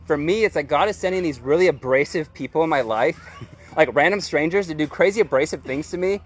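Male pastor, easygoing sermon delivery, slangy and conversational, a touch high in pitch. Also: a little fast, husky. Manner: informal and chatty, heavy use of "like" and "dude".

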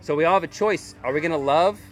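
A man's voice: fairly high pitch, quick pace, slight background noise. A man preaching a sermon as pastor, earnest and conversational, with casual slang.

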